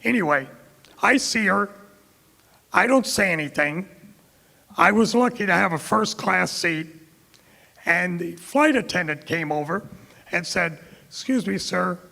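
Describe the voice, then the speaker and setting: A man's voice: sits high, expressive, measured pace, vocal fry, pauses often, sharp tone. A middle-aged man from Florida giving a keynote speech, telling anecdotes and acting out the dialogue of the people in them. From Tampa, Florida. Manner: anecdotal, quotes others in dialogue. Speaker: keynote speaker. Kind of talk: storytelling speech. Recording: reverberant hall.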